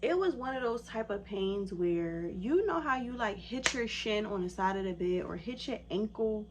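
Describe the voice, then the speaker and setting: A woman's voice: mid-range voice, moderate pace, noisy background. Chatty woman telling a story. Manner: animated, lots of "like" fillers. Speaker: vlogger. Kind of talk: casual storytelling.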